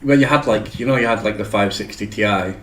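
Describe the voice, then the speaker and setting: Lowish-voiced guy hosting a tech show, swears a lot, jokey, room echo. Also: brisk, fairly bright tone, a little hiss or hum. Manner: rambling, swears freely, jokey. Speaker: show host. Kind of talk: casual tech chat.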